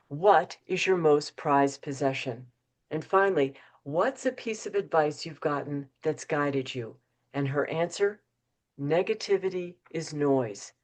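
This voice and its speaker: A middle-aged woman giving a motivational webinar talk, acting out quoted dialogue with lively shifts in her voice. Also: low-pitched. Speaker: keynote speaker.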